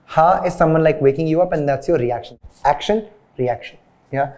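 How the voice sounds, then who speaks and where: A man's voice: on the high side, fairly quick, mellow. A young man teaching a dance tutorial, chatty and often checking in with "yeah?" and "got it?". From India.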